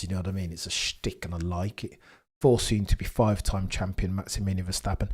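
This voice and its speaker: A young man hosting a live race watchalong, commentating casually and reacting with excitement. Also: fairly low pitch. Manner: excitable, exclaims and gasps at on-track action.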